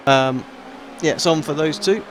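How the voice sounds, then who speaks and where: A man giving relaxed, conversational analysis as a sim racing commentator. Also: on the high side, normal speed, slight background noise. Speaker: race commentator. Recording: race car engines loud behind.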